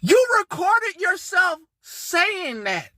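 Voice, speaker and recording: A woman hosting a livestream in a furious, profane rant. Her pitch leaps from low mutters up to sharp, shouted peaks. Her voice is bright and edgy, and she takes her time between the blows. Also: very animated, slow pace, dry recording. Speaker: livestream host.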